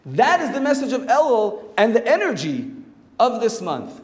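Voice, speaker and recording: A man, a rabbi, teaching a Torah class in a lively, animated way and acting out the quoted voices. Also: very high-pitched, moderate pace. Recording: echoey hall with long reverb.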